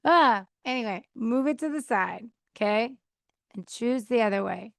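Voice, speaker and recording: Unhurried and animated, this fairly high-pitched woman has a gravelly voice. She's a podcast host in a chatty advice monologue about choosing peace, acting out quoted replies and laughing now and then, recorded on a counter mic with studio quality and no echo.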